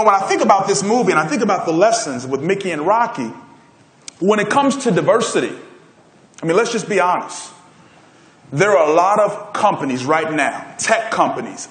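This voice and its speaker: In a conference hall, a man gives an energetic motivational keynote, weaving a story and involving his listeners. The voice is high-pitched with a roomy sound.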